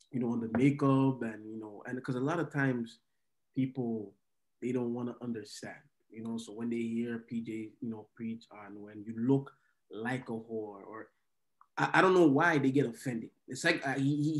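A man's voice: medium pitch, a little mellow. A man in a casual faith conversation, explaining his point with plain everyday examples. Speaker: churchgoer in conversation.

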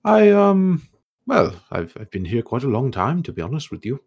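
A man voicing the ghost of a scholarly, robed male high elf who rambles in a fussy, absent-minded way. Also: big pitch swings, normal speed, gravelly, a little mellow, slightly rough, heavily acted. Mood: wry.

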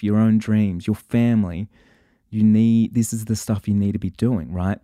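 Worked up guy giving a pep-talk podcast, super mellow dark voice, talks right at you. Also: fairly low pitch, no echo, studio quality. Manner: passionate, worked up, talks straight to listeners. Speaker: podcast host. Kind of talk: motivational podcast monologue.

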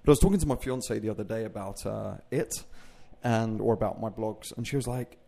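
A man's voice: fairly low pitch, a little fast, vocal fry, warm tone. A man hosting his own fitness podcast, chatting casually in a rambling way with self-mocking jokes. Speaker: podcast host and fitness coach. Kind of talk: casual solo podcast chat.

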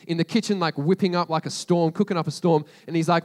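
A man's voice: a little high, fairly even intonation, quick pace. A man casually retelling a story to a group as a sermon, chatty and slangy, with frequent asides to his listeners.

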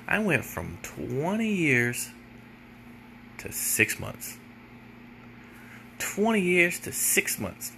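A man's voice: on the high side, huge pitch swings, extremely slow, gravelly, pauses often, sharp tone, slight background noise. A man telling a casual story in a blunt, profane way, often checking in with "right?". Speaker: storyteller giving jail advice.

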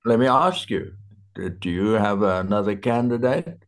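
A man teaching a Bible study in conversation, slow and searching for his words with many fillers. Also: fairly low pitch, animated.

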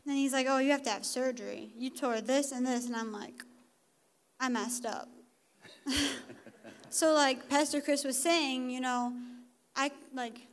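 A woman's voice: high voice, clean tone. A teenage girl giving a casual personal testimony in church, talking in a youthful way with lots of "like". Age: teens. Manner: casual, youthful, uses like often.

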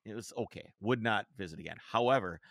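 A man in his thirties co-hosting a podcast, telling a story in a casual, animated way. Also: lowish voice, quick pace, vocal fry, no room sound, studio quality. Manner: animated storyteller, mimics voices in quotes. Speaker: podcast co-host.

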